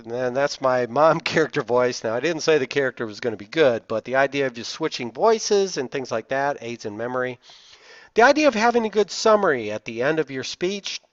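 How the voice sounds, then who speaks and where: A man's voice: mid-range voice, lively intonation, brisk, no room sound. A man from the Southern United States with a Southern accent, lecturing over slides with emphatic stress on key words and frequent "uh" fillers. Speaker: instructor. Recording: dull, dry lo-fi sound.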